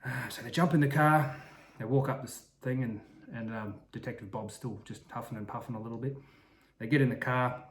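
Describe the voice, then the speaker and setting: A man's voice: mid-range voice, fairly even intonation, fairly quick. A man telling an improvised story in a casual, rambling way, full of restarts and asides. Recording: roomy echo.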